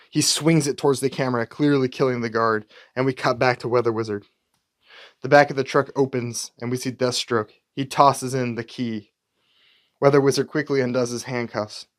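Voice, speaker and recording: Deadpan man reading a screenplay. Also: mid-range voice. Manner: slow, deadpan scene narration. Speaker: YouTuber writing a movie script.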